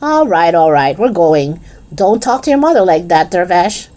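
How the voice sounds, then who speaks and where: A gushing, excitable mother calls out to her son and his friends, raising her voice high and loud, as a woman reads her part aloud. She is the proudest parent at the match, bright and insistent in a children's storybook. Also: normal speed. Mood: flustered.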